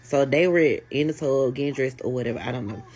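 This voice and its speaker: A woman telling a casual storytime, animated and talking straight to her viewers. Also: very deep voice, quick pace, slightly rough.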